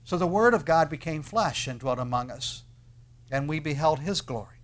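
A man preaching a sermon in an earnest way, with dramatic pauses and swells of emphasis on key words. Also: fairly high pitch, lively intonation. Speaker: pastor.

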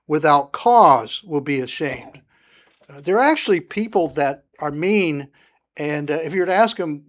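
Conversational Bible-teaching man, slightly high voice. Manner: conversational, frequent "uh" fillers, rising emphasis on scripture.

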